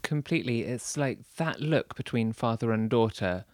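A man's voice: mid-range voice, expressive, moderate pace, a little mellow, no room sound. Guy breaking down a film, articulate, some restarts, dry close sound. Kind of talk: casual film discussion.

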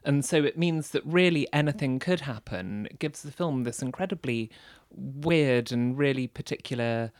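A man's voice: medium pitch, moderate pace, hardly any pauses, no room sound, clean studio sound. A man discussing a film in casual conversation, speaking in an articulate, analytical way with some restarts.

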